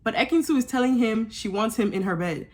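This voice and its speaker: A young woman giving a sassy, animated recap of a reality show, with laughing asides. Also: fairly high pitch, a little fast. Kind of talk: casual recap commentary.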